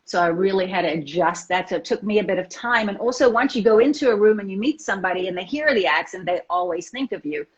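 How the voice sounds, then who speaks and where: A woman from South Africa, a guest actress, talking fast in a casual interview, often restarting her sentences. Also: medium pitch, animated. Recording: muffled lo-fi audio.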